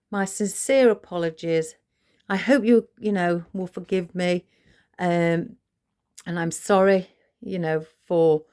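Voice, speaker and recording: Lady florist chatting thru a flower tutorial, slow and gentle, kinda apologetic, lots of ums. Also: fairly low pitch, clear, resonant tone. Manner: soft-spoken and apologetic, with frequent ums and trailing phrases. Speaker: florist showing a vase arrangement. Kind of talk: casual flower-arranging tutorial.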